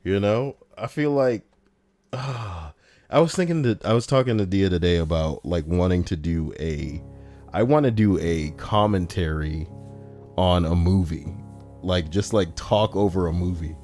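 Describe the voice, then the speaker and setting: A young man casually reading a list aloud on a live stream and chatting with viewers, animated and prone to ranting in put-on voices. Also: unhurried. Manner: animated, breaks into high-pitched put-on voices and rants. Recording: soft music underneath. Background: soft background music.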